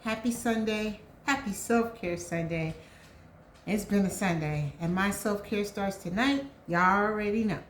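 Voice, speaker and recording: A woman's voice: mid-range voice, unhurried, roomy sound, a little hiss or hum. A woman hosting her own vlog, chatting casually with viewers and calling them y'all, a bit out of breath, with lots of ums. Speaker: vlog host. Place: home, indoors.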